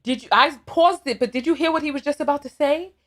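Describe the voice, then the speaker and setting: A woman hosting a live call-in stream, reading viewer messages aloud and commenting in an animated, sassy way. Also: high-pitched. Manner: animated, sassy, quick to laugh. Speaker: live call-in show host.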